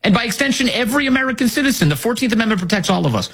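A man's voice: extremely high pitch, expressive, very fast, vocal fry, fairly bright tone, breathy edge. A male host delivering opinionated commentary, indignant and firing off rhetorical questions.

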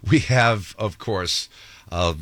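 Man, very deep voice, radio host, relaxed banter, studio. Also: slow pace, no room sound. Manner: relaxed, chatty, laughs easily.

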